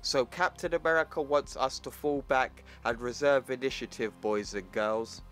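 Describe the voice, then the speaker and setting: A gruff male general barks slow, blunt orders, as a man reads the comic aloud. Soft music plays behind him. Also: mid-range voice, close to an everyday voice. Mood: commanding.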